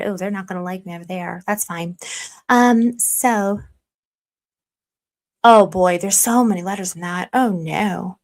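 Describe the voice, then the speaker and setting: This young streamer speaks unhurriedly at a medium pitch, leaving long pauses. She's a chatty, self-deprecating commentary host who reads chat aloud and slips into mock stern warnings to tease her viewers.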